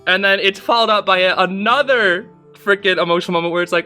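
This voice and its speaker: A young man casually reviewing a cartoon episode, excited and gushing, often repeating himself. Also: high-pitched, quick pace, smooth, soft background music. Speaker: video reviewer.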